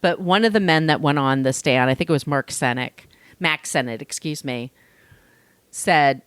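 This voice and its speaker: A woman co-hosting a podcast, telling a true-crime story in casual, animated chat and swearing now and then. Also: deep voice, normal speed, smooth, no echo. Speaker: podcast co-host.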